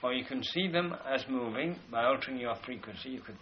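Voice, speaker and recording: A man's voice: medium pitch, animated, fairly quick. A man delivering a discursive philosophical lecture, stopping to point at sketches as he goes. The recording sounds dull and lo-fi, with a faint hiss running underneath. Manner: discursive, pointing at drawings while explaining.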